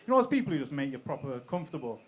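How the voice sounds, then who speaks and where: A man's voice: on the high side, sing-song, very fast, slightly rough. A young British man performing a stand-up comedy set in a club, talking casually, swearing freely and laughing at his own jokes. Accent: British English.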